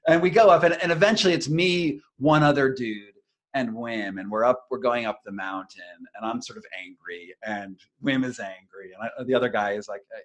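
A man's voice: mid-range voice, fairly quick. A middle-aged man, a journalist and author, telling a story in a casual interview, rambling with many fillers and restarts.

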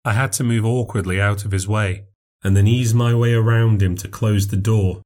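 A man narrating a ghost story in a measured, steady way. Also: lowish voice.

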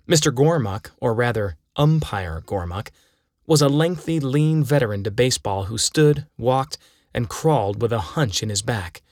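A man narrating a humorous short story aloud in a deadpan, wry manner. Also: medium pitch, no echo, clean studio sound.

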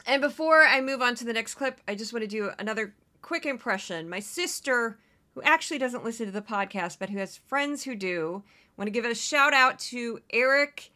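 A woman hosting a podcast in a loose, chatty style. Her voice is bright and forward, and she sprinkles laughs and quick asides between her points. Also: fairly high pitch, lively intonation. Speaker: podcast host. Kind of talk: casual commentary.

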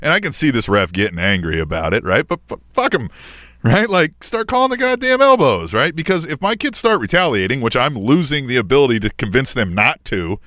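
A man's voice: mid-range voice, fairly quick, no room sound, studio quality. A middle-aged man co-hosting a podcast, telling a story in casual chat and tagging "right?" onto his sentences. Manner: animated storytelling, keeps asking "right?". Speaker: podcast co-host.

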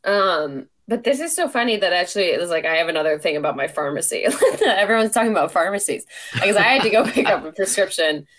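Animated woman host telling a story. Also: fairly low pitch, fast. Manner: animated, laughs often while telling a story. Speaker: podcast host. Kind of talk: casual chat, storytelling.

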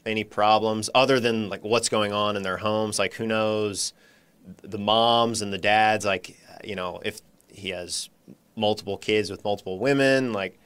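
A man with a fairly low voice speaks as a panelist on a talk show. He talks casually, hesitantly and rambles, often leaning on filler words. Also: fairly even intonation, a little slow, fairly bright tone, smooth. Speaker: social media staffer and panelist. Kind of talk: casual studio chat.

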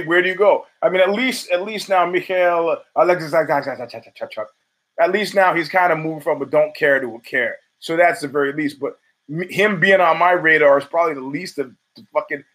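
A man's voice: fairly high pitch, fairly bright tone. A man hosting his own show, giving rambling, profane solo commentary full of restarts and fillers. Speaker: podcast host.

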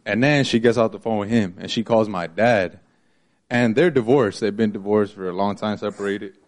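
A man with a low voice telling a personal story in a casual group chat, animated and laughing often. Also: moderate pace. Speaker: group participant sharing a story.

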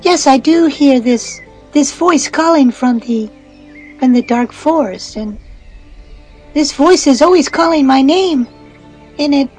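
An earnest, eager young warrior, as a man puts him on for a storybook. The voice is pitched high above a plain speaking voice. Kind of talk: storybook narration.

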